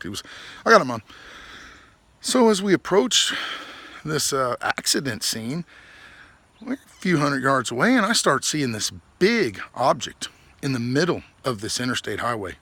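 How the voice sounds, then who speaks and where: A man in his forties hosts a podcast with animated, comic storytelling. He talks in an excitable, foul-mouthed way and laughs as he spins his tale. His voice sits at an ordinary pitch for a man. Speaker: podcast host.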